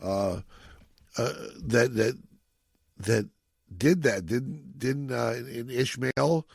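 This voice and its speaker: A man with a gravelly, creaky voice hosts a casual film podcast. He rambles in an animated way and acts out the lines he quotes. The sound is dry and close. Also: mid-range voice, slow, no echo. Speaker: podcast host.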